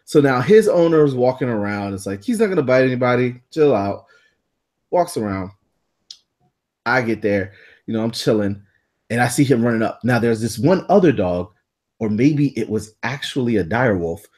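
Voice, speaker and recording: A man co-hosting a podcast, telling a story in a casual, animated way, swearing freely and acting out the people in it. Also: medium pitch, normal speed. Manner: animated, profane, acts out voices. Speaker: podcast co-host.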